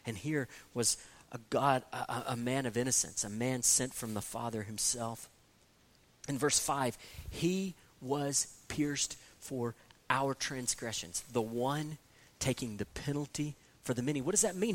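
A man's voice: on the high side, measured pace. A man preaching an expository sermon, earnest, often repeating words as he restarts and rising to emphatic peaks. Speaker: pastor.

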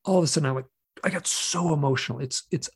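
A man, a podcast guest and author, telling a personal story in a casual, animated way, often restarting his sentences. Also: on the high side, fast talker, husky. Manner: animated, emotional retelling with many restarts. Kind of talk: conversational storytelling.

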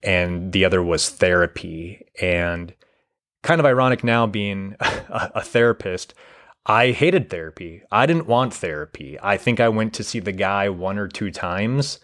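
A man's voice: low-pitched, lively intonation, a little slow, a bit bright. A young man, a therapist, candidly recounting a personal story in an interview, reflective and full of restarts. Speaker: guest, therapist.

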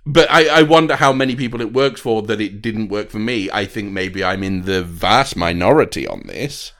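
Low-voiced dry man. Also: moderate pace, fairly bright tone. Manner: dry, wry and opinionated. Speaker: podcast co-host. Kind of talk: casual film-review chat.

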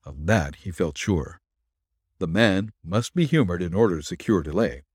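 A man hosting a podcast, reading a classic story aloud in an expressive, theatrical way. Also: low-pitched, moderate pace, husky, dry recording, studio quality. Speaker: podcast host and story reader.

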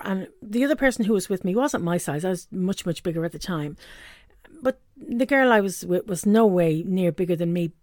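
A woman's voice: on the low side, a little mellow, no echo, studio quality. A middle-aged woman, hosting a podcast and telling a story in a chatty way, laughing often. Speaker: podcast host. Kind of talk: casual storytelling.

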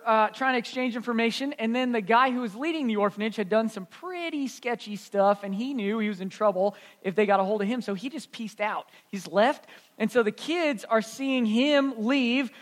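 A man's voice: extremely high pitch, a bit bright, in a large hall. A man pastor telling a story in an earnest, conversational sermon.

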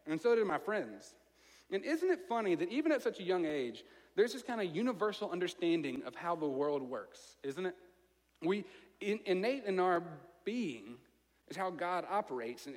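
A man with a Southern American accent preaching a sermon in a conversational, self-mocking way, telling a story with lively asides. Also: high voice. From Alabama, US. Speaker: pastor. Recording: long reverb of a large hall.

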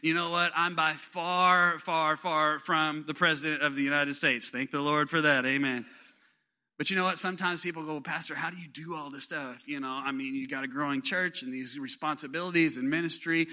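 High bright-voiced pastor preaching. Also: male voice, moderate pace. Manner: conversational, rising to animated bursts. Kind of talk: sermon.

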